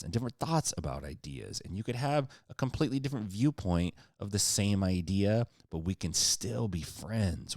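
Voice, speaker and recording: A man's voice: deep voice, no echo, studio quality. A man talking on a podcast in a casual, fired-up rant, swearing freely and slipping into sarcastic jokes. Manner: sarcastic joking. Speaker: podcast guest.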